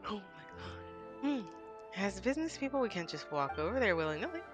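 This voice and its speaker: A woman's voice: medium pitch, very animated, brisk, close to an everyday voice. A woman reading aloud the lines of a pompous, scheming toy shop clerk in a game, in a theatrical, flowery manner. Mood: persuasive. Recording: game music behind.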